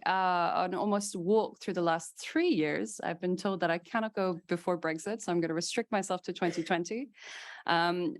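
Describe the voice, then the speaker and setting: A woman legal scholar giving a seminar lecture to a small audience in a room. She speaks emphatically and with animation, stacks her points in lists and drops playful asides. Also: medium pitch.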